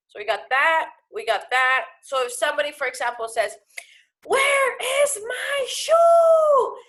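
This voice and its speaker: A woman teacher giving a recorded lesson to her students, explaining patiently and often pausing to ask "okay?". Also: fairly high pitch, pushed and bright.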